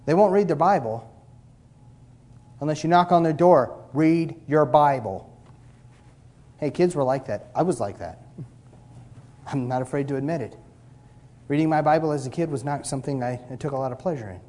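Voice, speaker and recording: A male pastor preaching a sermon, emphatic, swinging between loud stresses and quiet asides, with a mocking edge. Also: mid-range voice, fairly quick, long pauses. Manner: mocks complainers with blah-blah asides.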